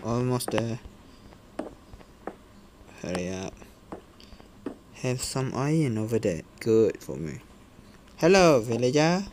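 A man's voice: on the low side, animated, slow pace, pauses often, background noise. A man casually commenting on his gameplay in hesitant, broken English, full of fillers, chatting to game characters and swearing when things go wrong.

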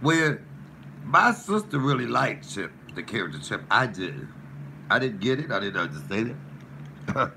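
A man, a comedian, ranting profanely with loud trash talk and mock threats while cooking. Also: medium pitch, very animated, a little slow, vocal fry, pauses often, slight background noise. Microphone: camera mic in a home kitchen.

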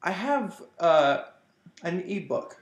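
A man's voice: sits high, big pitch swings, slow pace, echoey room, dull audio. Enthusiastic, rambling male reviewer. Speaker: comic book reviewer. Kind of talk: casual vlog review.

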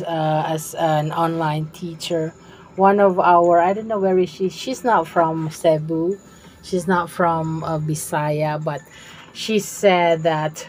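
Slow, low Visayan-accented woman. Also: darkish tone, slight background noise. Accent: Visayan Filipino. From Visayas, Philippines. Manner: chatty, giggly, talks to viewers. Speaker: game streamer. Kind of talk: casual live-stream chat while playing.

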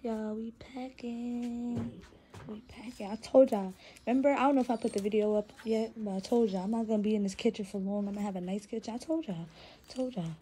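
A woman's voice: medium pitch, dark tone. A woman in her twenties chatting casually to her viewers in a vlog. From New York. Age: 20s. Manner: chatty, addresses viewers as y'all. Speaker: vlogger. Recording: noisy background.

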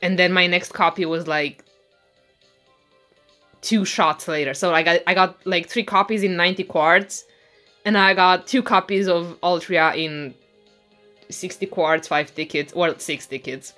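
A woman streamer casually commenting on her game pulls, excitable and swearing freely when surprised. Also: lowish voice, a little slow, soft background music. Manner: excitable, swears and shouts in disbelief. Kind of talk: casual commentary while playing. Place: bedroom.

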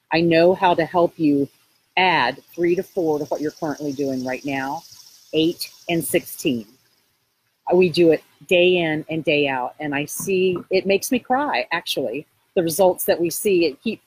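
A woman with a slightly husky voice gives a live coaching talk to her viewers, hammering her points home through repetition. The sound is dry and close, with no room around it. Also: fairly low pitch, no echo, rough recording. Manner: emphatic, repetitive sales push. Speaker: real estate coach.

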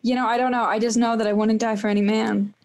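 A woman's voice: on the high side, level tone, quick pace, darkish tone. A woman joining a casual podcast over a video call, answering hesitantly with lots of fillers and laughter. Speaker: guest co-host. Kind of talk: casual chat.

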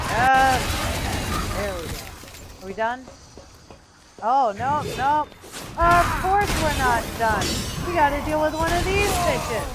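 A high-voiced woman hosts a let's play, yelling her commentary and swearing when things get frustrating. Between outbursts she talks in an unhurried way. Game music plays clearly under her voice. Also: lively intonation. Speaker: gaming channel host.

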